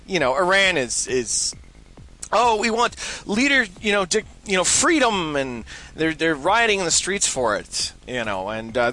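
A man's voice: a little high, bright, forceful tone. A man hosting a show, rambling and sarcastic as he comments and reads listener mail, swearing freely and repeating himself. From Canada. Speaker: show host. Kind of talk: casual solo commentary, reading listener mail.

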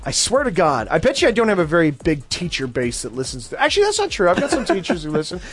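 A man with a high voice that swoops up and down rants sarcastically as a podcast host. He swears freely and talks in a loose, casual way. Faint music plays behind him. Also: fast talker, husky. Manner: profane, sarcastic, animated. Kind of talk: casual ranting chat.

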